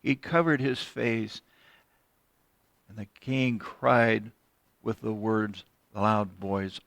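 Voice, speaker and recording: A man leads a relaxed Bible study with a gravelly, mid-range voice. He talks in a folksy, conversational way and corrects himself as he goes. The recording is dry and close, made in a small studio. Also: medium pitch, takes it slowly, dry recording. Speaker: host and Bible study teacher. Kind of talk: casual Bible study teaching with prayer.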